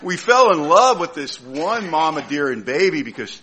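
A man's voice: fairly high pitch, sing-song, normal speed, background noise. A middle-aged man telling a heartfelt, funny personal story to a meeting. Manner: heartfelt, humorous storyteller with comic timing. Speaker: speaker at a recovery meeting.

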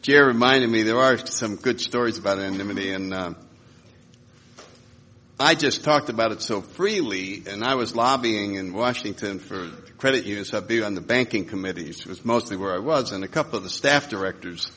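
A man telling lively, chuckling stories to a live audience. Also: lowish voice, brisk. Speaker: speaker sharing recovery stories.

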